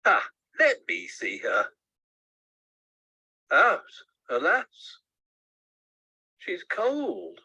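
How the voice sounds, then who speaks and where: A man's voice: high voice, wildly swooping pitch, drawn-out words, creaky, pauses often, bright, forceful tone, breathy edge, no room sound, pitched above the performer's own voice, full character voice, rough recording. A man voicing a stern noble father in grief in a play reading. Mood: grieving. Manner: stern, then grieving and solemn.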